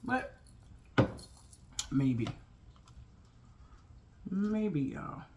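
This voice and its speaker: A man with a fairly high voice talks casually to his viewers between bites. He chats and tells stories while he eats. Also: big pitch swings, drawn-out words, darkish tone, a little hiss or hum. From Chicago. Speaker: mukbang vlogger. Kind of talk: casual mukbang chat.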